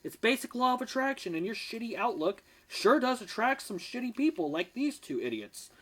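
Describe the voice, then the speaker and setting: Reaction host, sarcastic, profane, mock-angry, average pitch. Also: sing-song, moderate pace, fairly bright tone. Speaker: commentary video host. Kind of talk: reaction commentary.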